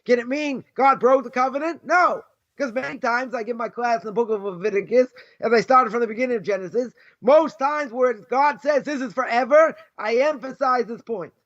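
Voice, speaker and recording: Emphatic high-voiced Boston rabbi teaching. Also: male voice, normal speed, fairly bright tone. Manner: emphatic, rhetorical, repeats key phrases. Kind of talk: informal Torah lesson. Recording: dull lo-fi recording.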